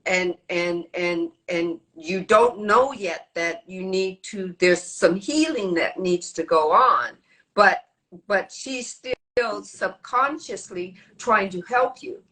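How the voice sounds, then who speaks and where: Slow, bright-toned woman thinking aloud. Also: mid-range voice, low-quality recording. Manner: searching, halting, restarts phrases. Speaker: podcast guest. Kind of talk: casual podcast conversation.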